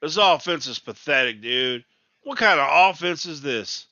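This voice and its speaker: A man's voice: a little high, lively intonation, a little slow, bright, forceful tone, no room sound, lo-fi sound. A man ranting in exasperation as he reacts live to a college basketball game, repeating his complaints. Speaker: sports talk host.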